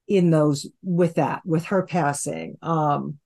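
A woman's voice: sits low, steady tone, takes it slowly, gravelly, hardly any pauses, darkish tone. Rambling woman telling a personal story. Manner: rambling, with restarts and "you know". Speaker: guest hypnotherapist. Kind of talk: casual conversational storytelling.

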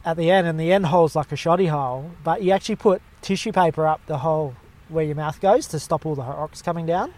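A young Australian man, originally from the west, spins a rambling anecdote in casual chat. His voice sits a little high, and he strings it along with slang, 'mate' and plenty of fillers. It sounds like a chat in a car. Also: fast talker, hardly any pauses, darkish tone. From Western Australia. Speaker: storyteller.

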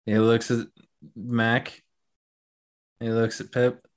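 A man's voice: medium pitch, monotone, takes it slowly. A man narrating as game master of a tabletop game, in a loose, chatty way with lots of fillers.

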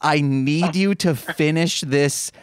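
A man's voice: a little high, slow, clean tone, no room sound. A man co-hosting a podcast in casual chat, making dry, wry interjections and steering the talk back. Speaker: podcast co-host.

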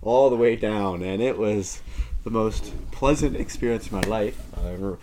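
A man's voice: fairly low pitch, normal speed, mellow, a little hiss or hum. A young man on a podcast, telling a story in casual chat and laughing often. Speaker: podcast co-host.

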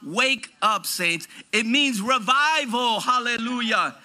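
A man preaching a fervent sermon, his voice pitched very high for a man. His tone is sharp and bright, and he declares his points to the congregation, drawing out the key phrases for emphasis. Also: slow pace.

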